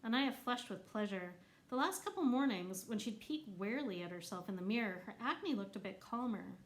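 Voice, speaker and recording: A woman reading a novel aloud as narrator, lifting her voice for the characters who shout. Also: medium pitch, animated, brisk, low-quality recording. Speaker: audiobook narrator. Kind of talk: scripted narration.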